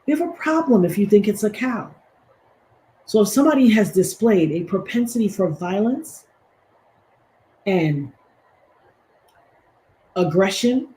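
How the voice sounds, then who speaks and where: A woman hosts a livestream in a punchy, preachy manner. She drops sassy asides as she makes her points. Her pitch sits in the middle range for a woman. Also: dark tone, poor audio. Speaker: commentary host. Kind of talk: animated livestream commentary.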